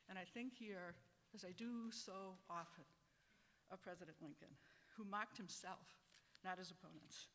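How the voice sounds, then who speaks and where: A middle-aged law professor from Wisconsin giving prepared panel remarks in a wry, measured, reflective way. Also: medium pitch, pushed and bright, long reverb tail, slight background noise.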